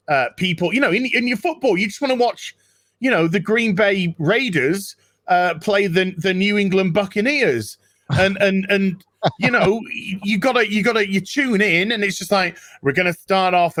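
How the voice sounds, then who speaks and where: A man's voice: high-pitched, fairly bright tone, dry recording, studio quality. A man ranting with heavy swearing as a guest in a casual podcast chat. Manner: profane, ranting.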